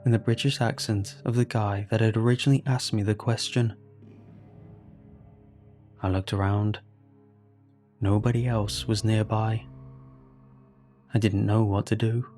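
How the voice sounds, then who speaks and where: Slow, low-voiced man narrating horror. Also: a little mellow. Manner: slow, measured, grave delivery. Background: faint background music.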